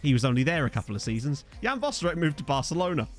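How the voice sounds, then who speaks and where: A man's voice: fairly high pitch, very animated, very fast, soft background music. Tired rambling male game streamer. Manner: rambling, self-deprecating, chatty with frequent fillers. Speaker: gaming streamer. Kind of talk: casual let's-play chat reading viewer comments.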